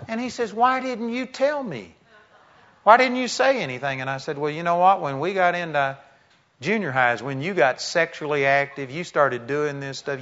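A man's voice: medium pitch, bright, forceful tone, dull audio. A man preaching a sermon at a conference, earnest and conversational, often dropping "man" into his talk. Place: conference stage.

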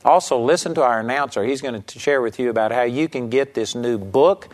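A middle-aged man preaching a radio sermon as a pastor, telling stories and quoting people in a raised, lively voice. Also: medium pitch, brisk. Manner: animated storytelling preacher, quotes people in raised voice.

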